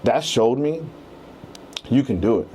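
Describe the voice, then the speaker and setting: A man in his thirties, a real estate agent and podcast guest, telling his story in a casual, animated way and acting out the quotes. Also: medium pitch, a little slow, a little hiss or hum.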